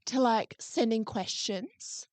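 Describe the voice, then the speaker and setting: A young woman co-hosting a podcast, telling stories in an animated way with swearing. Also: on the high side, slow, dry recording. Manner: animated storyteller, swears, acts out quotes. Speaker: podcast co-host. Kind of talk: casual chat. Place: podcast studio.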